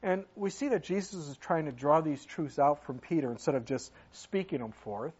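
A man's voice: fairly high pitch, normal speed, a little mellow, slightly rough, highs cut off. A man preaching a sermon as pastor, talking in an earnest, conversational way with many fillers.

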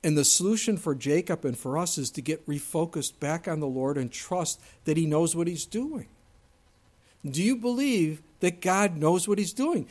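A male pastor delivering a sermon in a high-pitched voice. He talks to the congregation in an earnest, conversational way, swinging between loud and hushed passages as he reads scripture. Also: expressive, moderate pace. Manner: earnest, conversational preaching with wide swings in loudness.

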